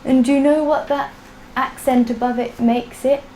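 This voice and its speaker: A woman's voice: high-pitched, steady tone, normal speed, warm tone, a little hiss or hum, poor audio. A woman teaching a live online language class, drilling sounds patiently for students to repeat. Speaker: Sanskrit teacher.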